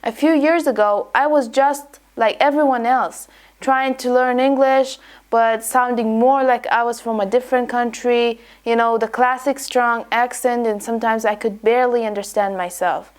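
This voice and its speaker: Upbeat lady teaching pronunciation off a script, voice sits a bit high, trips on a word now and then. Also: steady tone, moderate pace. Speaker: accent coach.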